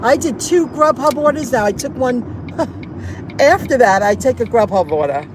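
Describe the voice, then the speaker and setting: A woman's voice: fairly high pitch, animated, a little slow, background noise. A woman delivery driver ranting in a casual vlog, indignant and repeating herself as she vents.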